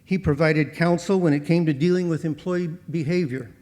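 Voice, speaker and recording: A man giving a prepared speech at an awards ceremony, accepting an honor for his late mentor and delivering quoted sayings in a measured, dry way. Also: a little high, a little mellow, big-room sound.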